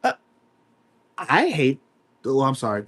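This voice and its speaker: A man co-hosting a casual wrestling podcast, talking emphatically, repeating himself and filling pauses with "uh". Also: mid-range voice, husky. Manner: animated, emphatic, repeats himself with many fillers. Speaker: podcast co-host.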